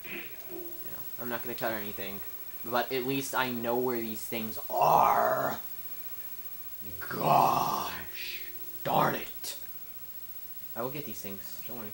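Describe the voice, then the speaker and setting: A young man rambling goofily through a let's play, stammering and yelling at the game. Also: medium pitch, slow pace, gravelly, long pauses, crowd noise, poor audio. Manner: goofy, rambling, stammers, yells at enemies. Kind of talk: casual gameplay commentary.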